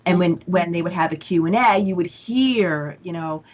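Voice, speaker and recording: A woman's voice: lowish voice, moderate pace, highs cut off. A woman speaking as an interview guest, casually telling stories and acting out her own inner voice. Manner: animated storytelling, acts out her own inner voice. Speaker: guest, empath coach.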